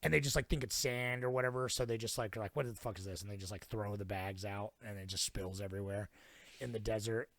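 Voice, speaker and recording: A young man co-hosting a podcast, casually retelling a film plot in a rambling, profane way and slipping into quick voices for the characters. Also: fairly low pitch, steady tone, a bit bright. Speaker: podcast co-host. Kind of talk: casual film recap chat.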